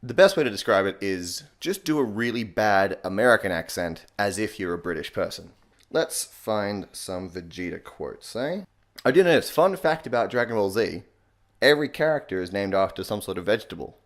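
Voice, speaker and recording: Sarcastic young man with a low voice. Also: moderate pace. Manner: sarcastic, deadpan, swears casually. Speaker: comedy YouTuber. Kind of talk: casual comedic tutorial.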